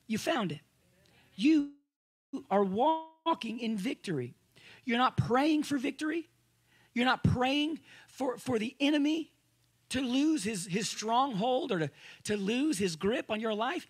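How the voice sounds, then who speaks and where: A male pastor giving a conversational sermon to a congregation. He restarts phrases often and swings between loud emphasis and quiet asides. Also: very high-pitched, lively intonation, unhurried, slightly rough. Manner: conversational preaching with frequent restarts. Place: church service room with a congregation.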